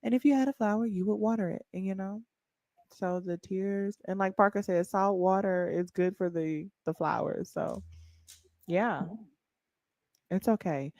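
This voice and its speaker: A woman hosting a casual chat, animated and emphatic, swearing freely. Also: medium pitch, unhurried, dry recording. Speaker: host.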